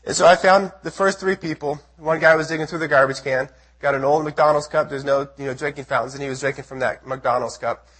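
Man from the United States, missionary testimony sermon, earnest storytelling, husky high voice. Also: fairly even intonation, fairly quick, fairly bright tone. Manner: earnest storytelling, acts out his own prayers and quotes. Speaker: missionary speaker.

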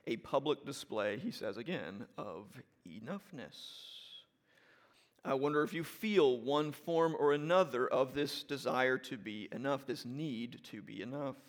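A man's voice: mid-range voice, lively intonation, moderate pace. A middle-aged man, a pastor preaching a sermon in a conversational way, often checking in with the congregation and repeating phrases for emphasis. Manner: repeats and restarts phrases while building emphasis.

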